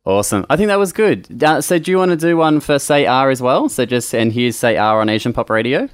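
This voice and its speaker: A man's voice: mid-range voice, animated, brisk, clean tone, dry recording, clean studio sound. An Australian man with an Australian accent, a radio interviewer guiding a guest in friendly, casual chat. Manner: friendly, encouraging.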